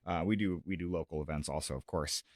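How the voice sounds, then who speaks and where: Man from South Dakota, very low voice, dry close sound, relaxed rambling talk, lots of ums and uhs. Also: fast talker, no room sound. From Sioux Falls, South Dakota. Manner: relaxed, rambling with many fillers and restarts. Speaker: comedy and music promoter, guest. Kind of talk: casual radio interview.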